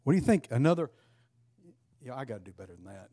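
A man leading a Bible study class, talking casually and putting questions to the group. His voice is mellow and warm at a middle pitch. The recording is dry, with little room sound. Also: big pitch swings, quick pace, dry recording. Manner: conversational, quizzes the class, frequent restarts. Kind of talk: interactive Bible class teaching.

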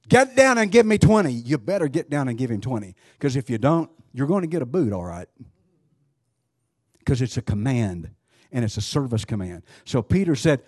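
A man's voice: mid-range voice, dark tone, husky, no echo, studio quality. A man preaching a sermon, emphatic, asking rhetorical questions and often restarting his sentences.

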